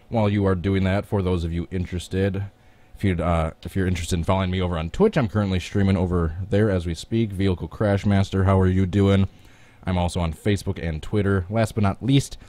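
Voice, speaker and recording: A man with a low voice and a Midwestern American accent, hosting a casual gaming live stream. He keeps up a chatty flow and greets his viewers one by one by name. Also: mellow.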